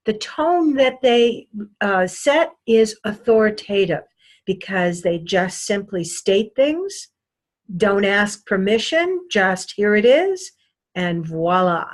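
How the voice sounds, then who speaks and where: Slow, deliberate woman sales trainer. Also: fairly high pitch. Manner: slow, deliberate lecturing with emphatic repetition. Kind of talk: recorded sales lesson.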